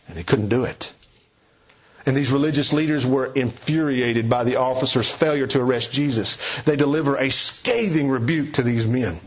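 Male preacher, husky, emphatic delivery, dull lo-fi recording. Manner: emphatic, shifts pitch widely for quoted speech. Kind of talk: expository sermon.

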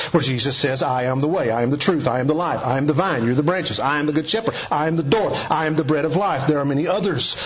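A man preaching an expository sermon in a measured way, slowing down on key phrases for emphasis. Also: on the high side, a bit bright, slightly rough, dull audio.

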